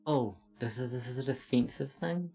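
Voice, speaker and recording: A man's voice: mid-range voice, moderate pace, creaky, dark tone, soft background music, low-quality recording. A man streaming a strategy game, thinking aloud with stumbling restarts and reading the game text in casual commentary.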